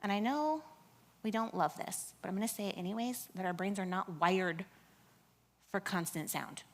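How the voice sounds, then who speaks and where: A woman in her thirties preaching a sermon in a conversational, animated way, often dropping to a hush. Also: mid-range voice, moderate pace. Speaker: pastor.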